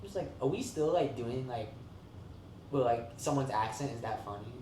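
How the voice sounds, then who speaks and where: Animated podcast co-host, roomy and distant. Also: mid-range voice, moderate pace, slight background noise. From Vietnamese heritage. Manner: animated, many "like" fillers, laughs often. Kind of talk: casual chat. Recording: roomy, distant mic with faint ambience.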